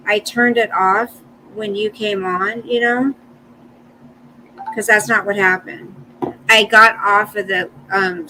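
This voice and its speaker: An older woman chatting casually with her live stream viewers, rambling between stories and stopping to coo softly at her dog. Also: mid-range voice, a little hiss or hum, rough recording. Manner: chatty, rambling, talks to her dog in soft baby talk.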